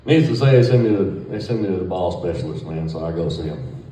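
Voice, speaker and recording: A man's voice: low-pitched, animated, quick pace, mellow. A middle-aged man telling a profane, laughing anecdote in a drawl. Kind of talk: storytelling anecdote. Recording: roomy, far from the mic.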